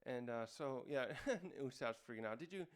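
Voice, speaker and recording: Guy doing a casual recap, smooth clear voice, lots of uh and um, keeps restarting. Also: medium pitch, animated, normal speed. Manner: rambling, many fillers and restarts. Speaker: manga review host.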